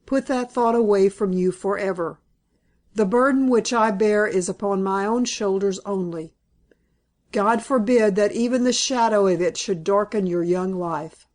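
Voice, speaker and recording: A woman reading aloud, voicing a dignified older father who speaks quietly and gravely. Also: mid-range voice, a little slow, lightly acted.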